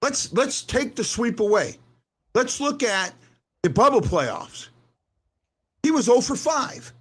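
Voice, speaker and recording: A man hosts a casual sports talk show, his voice high and very lively. He talks in an animated way, often repeating a word a few times before he lands his point. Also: takes it slowly, breathy edge. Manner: animated, repeats words when starting a point. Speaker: host.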